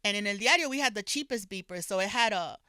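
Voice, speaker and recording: An older woman from the Bronx, a guest author telling stories from her life in relaxed conversation, often laughing and dropping in Spanish. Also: medium pitch, fast talker, clear, resonant tone, no room sound, clean studio sound. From the Bronx, New York, of Puerto Rican parents. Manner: warm storyteller, laughs often, restarts phrases, mixes in Spanish.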